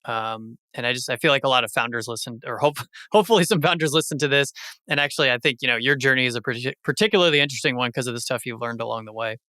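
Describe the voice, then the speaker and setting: A man's voice: medium pitch, very fast, pushed and bright, clean tone, no echo. A man co-hosting a podcast, talking in a loose, conversational way with many fillers. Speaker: podcast co-host. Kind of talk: casual interview talk.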